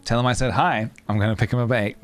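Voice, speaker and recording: A young man speaks very fast in a mid-range, steady voice, chatting playfully and rambling as he live-streams a game and slips into sing-song noises. Faint guitar music plays in the background.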